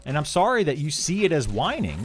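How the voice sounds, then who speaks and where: A man's voice: on the high side, wildly swooping pitch, a little fast. A man live-streaming and answering chat, frank and opinionated, often restarting his sentences when heated. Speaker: game streamer.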